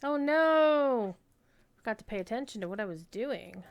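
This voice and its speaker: A woman's voice: mid-range voice, fast talker, creaky. A woman live-streaming a video game, chatting casually with her viewers and reacting to the play. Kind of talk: casual live-stream commentary while gaming.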